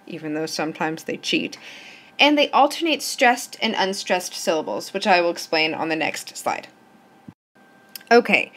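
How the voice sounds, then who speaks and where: Woman teacher walking students through poem meter, patient and upbeat, counts it out slow. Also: mid-range voice. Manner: patient, encouraging, counts syllables aloud slowly. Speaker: English teacher. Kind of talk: recorded lesson narration.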